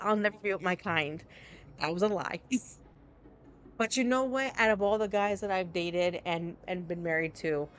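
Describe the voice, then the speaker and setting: A woman's voice: on the low side, fairly bright tone. Rambling New woman streaming a game. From New Jersey. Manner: rambling and candid, restarts often. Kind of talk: casual live-stream chat.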